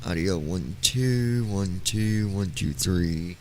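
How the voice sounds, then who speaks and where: Slow, low-voiced playful streamer man. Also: darkish tone, a little hiss or hum. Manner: playful, joking, testing his mic aloud. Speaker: streamer host. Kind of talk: casual live-stream chat. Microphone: headset.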